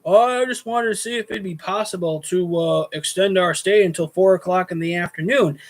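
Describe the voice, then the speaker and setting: A man voicing a pushy, belligerent male hotel guest in a story, in a plain, fairly high voice. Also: moderate pace, close to an everyday voice. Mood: wheedling.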